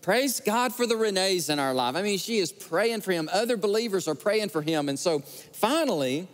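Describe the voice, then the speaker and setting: Pastor preaching, acts out the quotes as he tells stories, voice a bit high, echoing through a big sanctuary. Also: moderate pace. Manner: animated storytelling, acting out quotes. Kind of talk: sermon. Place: large church sanctuary. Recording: church sanctuary with long reverb.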